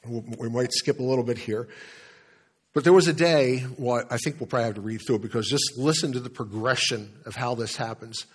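A man's voice: medium pitch, fairly quick, husky. A man, a pastor, preaching a sermon in a candid, conversational storytelling manner, often restarting phrases, then reading scripture aloud.

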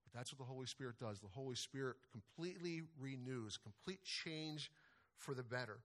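A man's voice: mid-range voice, quick pace. Plainspoken male pastor preaching. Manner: plainspoken, repeats words when searching. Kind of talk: sermon.

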